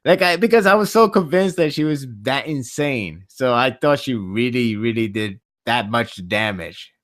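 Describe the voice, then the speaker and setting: A man hosting a casual podcast chat, rambling and animated, laughing often. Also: medium pitch, normal speed, dry recording, clean studio sound. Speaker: podcast host.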